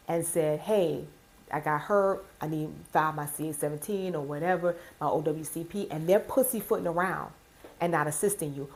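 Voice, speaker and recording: A woman's voice: fairly low pitch, a little mellow, low-quality recording. A woman giving blunt, profane workplace advice to fellow postal workers, repeating her key points with emphasis.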